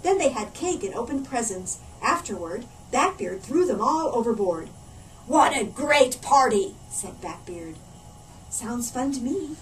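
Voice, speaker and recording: A woman, a children's librarian, reading a storybook aloud in a playful, animated way. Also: fairly high pitch, a little slow. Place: library room. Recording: distant mic, faint room noise.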